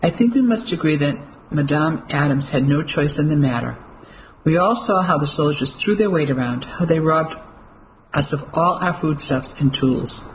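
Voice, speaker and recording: A narrator voicing a calm village priest who speaks slowly and soothingly. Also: medium pitch, slight background noise, close to an everyday voice, poor audio. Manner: slow, soothing.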